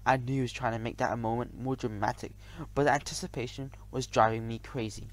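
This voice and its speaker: A man narrating a children's audiobook in the first person, lively and expressive. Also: medium pitch, quick pace.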